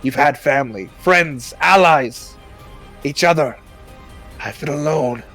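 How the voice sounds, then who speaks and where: A man's voice: on the high side, slow pace, fairly bright tone, faint music behind, exaggerated voice. A man voicing a lonely, bitter male creature whose body is crumbling, murmuring under his breath in a wounded way.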